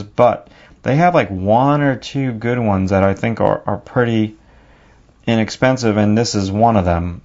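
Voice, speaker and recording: A man's voice: lowish voice, darkish tone, lo-fi sound. A man with a New York accent narrating a drawing lesson, talking casually and thinking aloud as he works. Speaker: drawing teacher.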